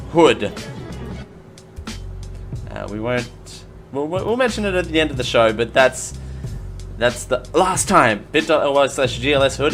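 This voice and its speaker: A man's voice: mid-range voice, fairly bright tone. A man from Australia hosting a live podcast on his own, rambling and joking, correcting himself as he reads out lists. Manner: rambling, self-correcting, jokey. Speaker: podcast host. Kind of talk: solo live podcast chat. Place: home room, window closed. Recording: faint background noise from outside work.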